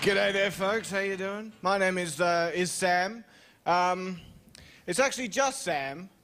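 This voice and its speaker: An Australian man doing a stand-up comedy set on a club stage, chatty and animated, slipping into put-on voices for his bits. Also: high-pitched, takes it slowly, soft background music.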